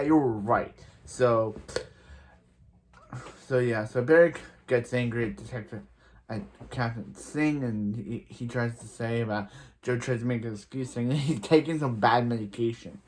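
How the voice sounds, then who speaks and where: A man's voice: mid-range voice, normal speed, darkish tone, slight background noise. A man recapping a TV episode in a casual, rambling way, with many restarts and filler words. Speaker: show reviewer.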